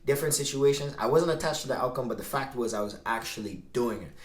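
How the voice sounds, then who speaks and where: A man's voice: medium pitch, fast talker. A man talking casually to camera as a vlogger giving dating advice, telling stories and acting out both sides of conversations. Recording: roomy echo.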